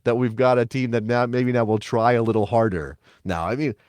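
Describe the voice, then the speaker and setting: A man co-hosting a casual sports podcast, talking in an animated, emphatic and sarcastic way. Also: medium pitch, fairly quick, smooth, dry recording. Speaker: podcast co-host.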